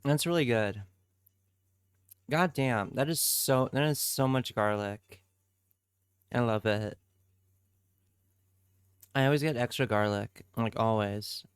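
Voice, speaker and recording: A man's voice: mid-range voice, slow pace, long pauses, smooth, no echo, clean studio sound. A man streaming live, chatting casually with his viewers, swearing freely and answering their messages.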